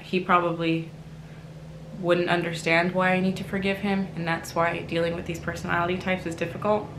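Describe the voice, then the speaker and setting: Young woman, low voice, emotional, slightly teary, candid vlog, echoey room. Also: flat delivery, fairly quick, noisy background. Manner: emotional, open, swings from quiet reflection to loud self-mocking. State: teary, recovering from crying. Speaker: vlogger.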